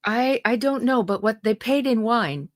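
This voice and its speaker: A woman's voice: a little high, animated, normal speed, no room sound, studio quality. A woman co-hosting a podcast, chatting casually and telling rambling anecdotes. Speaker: podcast co-host. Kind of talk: casual chat.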